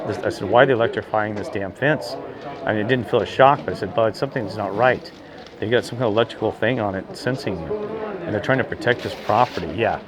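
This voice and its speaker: A man telling a rambling, animated story in casual talk, with frequent restarts. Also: lowish voice. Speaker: spiritual investigator. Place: outdoors in a town.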